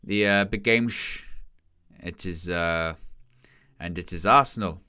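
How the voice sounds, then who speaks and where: A man doing a halting fake-Dutch football manager. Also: deep voice, pushed and bright, clean tone, voice pushed down. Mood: mock-serious. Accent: mock Dutch, as an impression. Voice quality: halting, full of hesitations. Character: English male football manager faking a Dutch accent.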